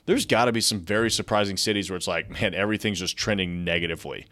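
A young man with a deep, fairly bright voice talks fast while hosting a casual real estate news podcast. Between reading articles aloud, he cuts in with chatty asides as casual market news commentary.

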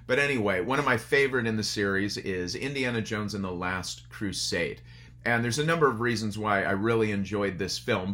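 A man delivers a sermon in an easy, conversational manner, telling a story before turning to scripture. His voice sits a little low. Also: a bit bright. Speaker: pastor. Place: church service streamed online.

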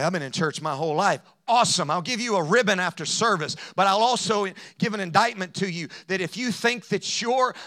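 A man preaching a sermon with passion, swinging between loud emphasis and quiet asides, and slowing down to read scripture. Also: sits high. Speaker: pastor.

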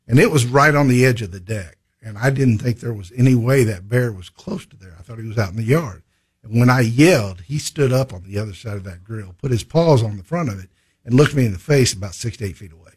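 A man's voice: mid-range voice, expressive, breathy edge. Plainspoken man telling a story. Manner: halting, with many uh fillers and restarts. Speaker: conservation department guest. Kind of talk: conversational interview storytelling.

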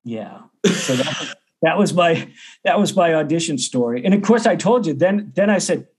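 A man's voice: on the high side, normal speed, slightly rough. A middle-aged man, a percussion teacher, telling a story casually and acting out the other people's voices. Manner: animated, acts out others' voices.

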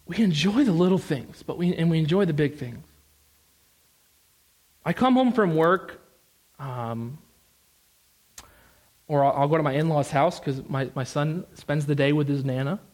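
High-voiced, animated male preacher. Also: unhurried, long pauses. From United States. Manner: animated, emphatic repetition with casual asides. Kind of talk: sermon.

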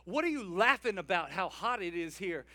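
A man voicing the devil as a cross, scolding lord of hell in a spoken joke, pitched high and bright, pushing each complaint hard. The tone is exasperated, the voice forceful rather than menacing. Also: sing-song, moderate pace, dry recording, full character voice. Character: the devil, an irritated male ruler of hell.

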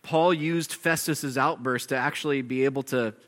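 A man preaching a sermon, animated, acting out shouting characters and laughing often. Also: medium pitch, normal speed. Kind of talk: expository sermon.

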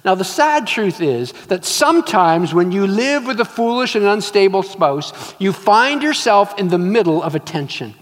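A man's voice: high-pitched, big pitch swings, normal speed, hardly any pauses. A man preaching a sermon in an earnest, storytelling way. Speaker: pastor. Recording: long hall reverb.

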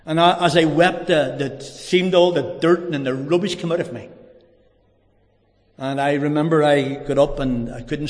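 A middle-aged man giving a personal conversion testimony, telling his story earnestly and haltingly with many restarts. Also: on the high side. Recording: long hall reverb.

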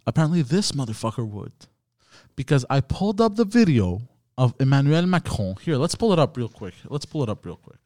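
A man's voice: mid-range voice, big pitch swings, a little fast, a little mellow, no echo, studio quality. A man streaming live, chatting casually and profanely with his viewers in a rambling way. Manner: profane, rambling, talks to chat. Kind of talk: casual ranting stream chat.

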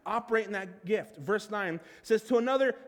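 High-voiced pastor in a reverberant hall. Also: male voice. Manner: animated, with quick restarts and playful asides. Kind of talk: conversational sermon.

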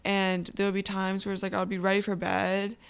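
A teenage girl telling her own personal story in a halting way, full of fillers. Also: mid-range voice, monotone, gravelly, clean tone. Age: teens. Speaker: anonymous guest.

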